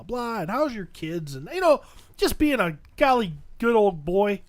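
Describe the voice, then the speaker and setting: A man hosting a podcast, chatting casually and telling a story with lively acted-out quotes. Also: high-pitched, moderate pace. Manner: animated storyteller, acts out quotes. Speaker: podcast host.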